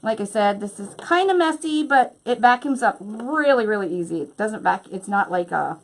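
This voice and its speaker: A woman's voice: mid-range voice, animated, moderate pace. A woman hosting a craft tutorial, chatty and bubbly as she explains each step while working. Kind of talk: hands-on craft demonstration.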